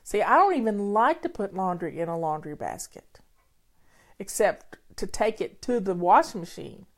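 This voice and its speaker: Speaking at normal speed in an expressive, medium-pitched voice, an older woman hosts a home-organizing live chat. She's chatty and folksy with her viewers while faint music plays underneath.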